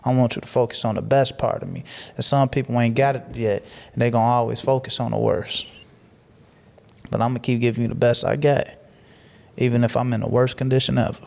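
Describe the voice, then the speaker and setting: Man, podcast guest, preachy, motivational, repeats himself, gets animated. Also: medium pitch, fairly quick, vocal fry. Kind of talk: casual podcast interview.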